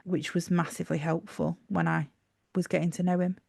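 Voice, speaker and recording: A woman's voice: lowish voice, flat delivery, brisk, creaky, a little mellow, no echo, clean studio sound. A woman in her forties, a podcast co-host, chatting casually with restarts and trailing clauses. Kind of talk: casual chat.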